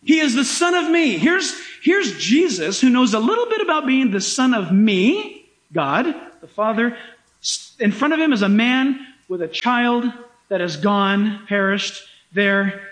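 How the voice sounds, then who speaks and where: Man, pastor, sermon, very high pitch, emphatic, roomy echo. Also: measured pace. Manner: animated, emphatic preaching, sometimes laughing.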